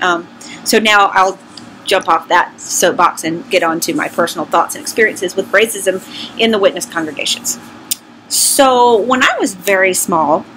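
A middle-aged woman vlogger from the American South tells her audience personal stories candidly and self-deprecatingly, in a casual, conversational Southern accent. Her medium-pitched voice is a bit bright, and the low-quality recording carries slight background noise.

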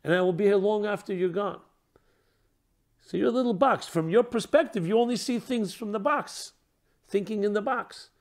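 Man doing proud, ageless electricity: incredulous, indignant, lecturing, pitched high. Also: moderate pace, darkish tone.

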